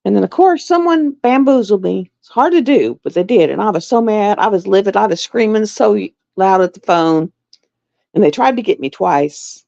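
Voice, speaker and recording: Her mid-range voice is creaky and dark in tone, with lively intonation and normal speed. She's a middle-aged livestream host rambling through stories in casual chat while she sews, recorded with dull, dry lo-fi sound.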